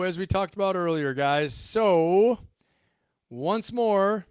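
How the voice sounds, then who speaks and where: A man's voice: sits high, animated, takes it slowly, clean tone. A middle-aged man, a retired Marine officer, hosting his channel with emphatic, repetitive commentary and rhetorical questions. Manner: emphatic, repeats himself, asks rhetorical questions. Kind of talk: casual commentary to viewers.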